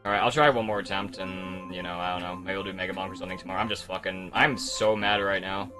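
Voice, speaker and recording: A man's voice: sits low, fairly even intonation, very fast, bright, forceful tone, soft background music. A young man streaming a speedrun, talking in a frustrated, rambling way and swearing as he goes over his mistakes. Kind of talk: casual live-stream commentary.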